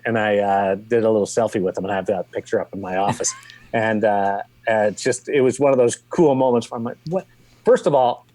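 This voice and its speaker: A man's voice: mid-range voice, a little mellow, dry recording. A man from Canada, a hockey TV host, telling a story in a casual, rambling way with lots of restarts. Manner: rambling, many restarts and fillers.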